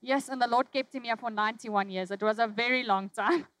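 A woman preaching a sermon, telling a personal story with emotion, dropping from loud, urgent lines to hushed ones. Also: on the high side, a little fast, no room sound, rough recording.

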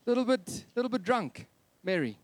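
A man, preaching a Christmas sermon in an animated, joking way that swings between loud and soft. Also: sits high, moderate pace, no echo. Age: 30s. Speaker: pastor.

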